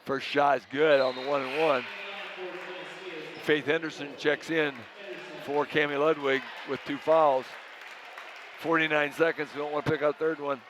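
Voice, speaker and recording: Man, play-by-play announcer, brisk short calls, slightly high voice, faint noise. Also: little pitch movement, muffled recording, crowd noise. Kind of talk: high school basketball commentary.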